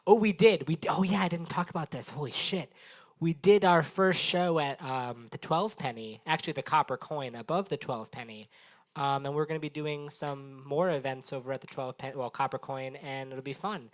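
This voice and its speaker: A man's voice: fairly high pitch, moderate pace. A young man hosting an open mic, doing loose, profane stand-up crowd work on a small bar stage. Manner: rambling, profane, teasing the audience. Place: small bar venue stage before a live audience.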